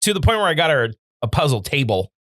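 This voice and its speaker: A man's voice: fairly high pitch, very animated, fast, fairly bright tone, dry recording, clean studio sound. A man co-hosting a podcast, rambling through a story with laughs and casual swearing. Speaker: podcast co-host. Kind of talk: casual chat.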